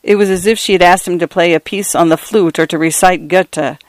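A man narrating first-person literary fiction in a measured, even storytelling voice. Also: high voice, dry recording. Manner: measured, evenly paced storytelling.

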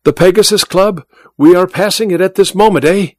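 A man's voice: sits high, a little fast, no echo, voice pushed up, close to an everyday voice. A man doing a grand, sly blind magician. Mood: sly teasing. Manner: theatrical, grandiose, teasing.

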